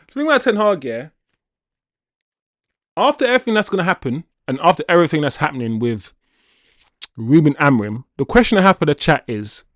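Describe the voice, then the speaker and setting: A man's voice: a little high, a little fast, long pauses, no echo, clean studio sound. Playful man hosting a stream. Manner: animated, playful, addresses chat directly. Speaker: football channel host reading chat. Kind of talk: casual livestream chat.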